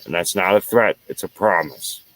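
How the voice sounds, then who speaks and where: The host, a US man, has a low-pitched, slightly bright voice and keeps a moderate pace. He rants alone and angrily on his show, swearing heatedly and repeating the same lines.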